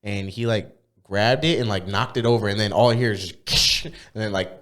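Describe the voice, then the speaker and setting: A young man with a fairly low voice chats casually as a podcast co-host. He swears freely and tells stories in slang. When a story gets going, his voice jumps high and loud. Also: steady tone, moderate pace. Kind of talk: casual chat.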